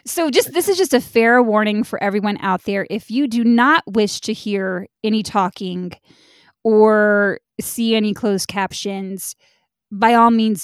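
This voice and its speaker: A woman's voice: medium pitch, a little slow, dry recording, studio quality. A woman co-hosting a podcast in casual chat, talkative and laughing often, swearing now and then. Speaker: podcast co-host.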